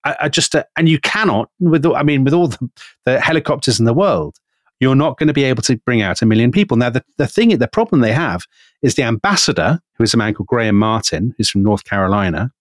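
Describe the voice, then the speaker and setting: British man, podcast co-host, animated storytelling, dry sound. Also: medium pitch, quick pace, no echo. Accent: British English. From Britain. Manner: animated, storytelling, quotes figures with emphasis. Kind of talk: history podcast storytelling chat.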